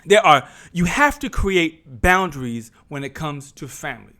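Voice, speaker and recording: A middle-aged man from New Jersey recounts a personal story to his viewers. His voice sits high and swings widely, with a bright edge. He preaches more than he chats, repeating and restarting phrases and calling out to his brothers and sisters. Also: lively intonation, moderate pace. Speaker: vlogger.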